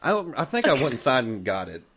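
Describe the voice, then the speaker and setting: A man tells a ghost story on a podcast, casual and rambling. He swears in nearly every sentence. His voice has an animated, wide-ranging pitch at an average height. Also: quick pace, slight background noise. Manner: profane, rambling. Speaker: podcast co-host.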